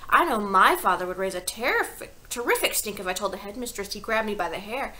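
A woman's voice: mid-range voice, lively intonation, quick pace, bright, forceful tone. A woman voicing a talkative little schoolgirl who asks emphatic, outraged questions. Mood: indignant.

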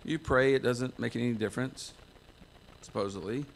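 A man's voice: medium pitch, normal speed, creaky, slight background noise. A man from the United States preaching a folksy, self-mocking sermon to a church congregation, wandering into asides. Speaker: pastor.

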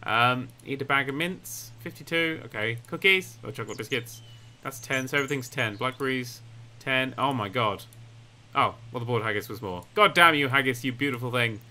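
A young man commentating his own game, jumpy and quick to yelp and swear when startled. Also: mid-range voice, bright, forceful tone. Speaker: gaming YouTuber. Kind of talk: let's play commentary.

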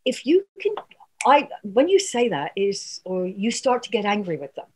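Husky-voiced woman coaching earnestly. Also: mid-range voice, very animated, normal speed. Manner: earnest, coaching, frequent asides and laughs. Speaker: communication trainer. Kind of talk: workshop talk.

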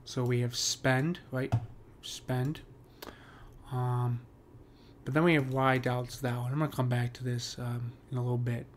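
A man's voice: mid-range voice, little pitch movement, unhurried, slight background noise. A man walking through a poem's meter in a casual screen-share lesson, with lots of fillers and "right?" checks. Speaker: poetry teacher.

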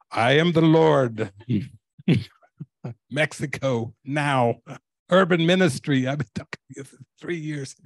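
A man's voice: mid-range voice, no room sound. An older man, a spiritual teacher, telling stories to a live audience and laughing often. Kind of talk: storytelling talk to a live audience.

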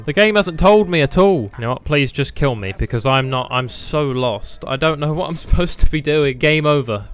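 A man's voice: a little high, fairly quick, hardly any pauses, clear, resonant tone. A man doing sarcastic comedic commentary while playing a video game, laughing often and mocking it. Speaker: gaming YouTuber. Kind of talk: comedic let's play commentary.

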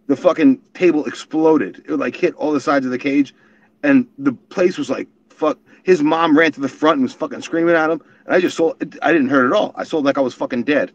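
A man's voice: fairly high pitch, brisk. A man telling rambling, profane wrestling stories as a guest in a casual chat. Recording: dull lo-fi stream audio.

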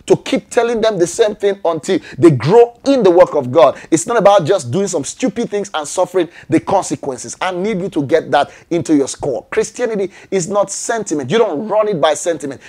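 A male pastor delivers a sermon in a high voice, pressing his points with rhetorical questions. His pitch jumps sharply upward on each exclamation. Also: a little mellow.

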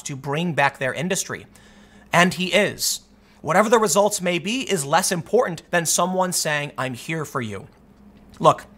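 Man, political commentary, high voice, lively pitch swings, reads quotes and reacts. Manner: animated, repeats words when fired up.

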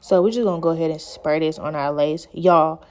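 Young woman, beauty vlogger, chatty, exasperated, slightly low voice. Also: fairly even intonation, brisk, a little mellow. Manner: exasperated, chatty, addresses viewers as girl and y'all. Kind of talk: casual talk-through hair tutorial. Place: home room at a mirror.

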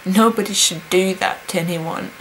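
A young woman speaking in a personal confessional vlog, hesitant and halting, with many pauses and fillers. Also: medium pitch, slight background noise, low-quality recording. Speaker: vlogger.

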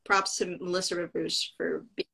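A woman's voice: fairly low pitch, flat delivery, moderate pace, creaky, bright, forceful tone, breathy edge, poor audio. A woman talking as a guest in a casual conversation, enthusiastic and rambling, with many fillers and restarts.

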